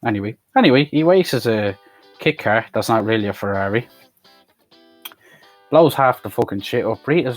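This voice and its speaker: A man's voice: on the low side, brisk, faint music behind. A man giving a profane, mocking comic recap of a film as a reviewer. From Ireland. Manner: sweary, ranting, mocking.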